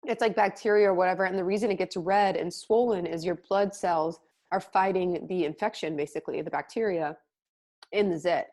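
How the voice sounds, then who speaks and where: A twentysomething woman co-hosts a relaxed mukbang, chatting chattily with lots of "like" while chewing her food. She speaks a little fast in a lowish, slightly mellow voice.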